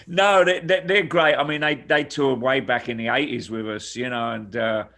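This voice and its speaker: A man's voice: medium pitch, fairly even intonation, normal speed, pushed and bright. An older man, a touring rock drummer, chatting casually and rambling on a video call with many restarts. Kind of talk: casual chat.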